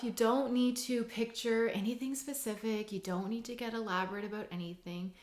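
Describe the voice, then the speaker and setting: A woman's voice: mid-range voice, normal speed, hardly any pauses. A woman hypnotherapist and mindset coach teaching in a casual, chatty way, full of "like" and "you know". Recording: roomy echo.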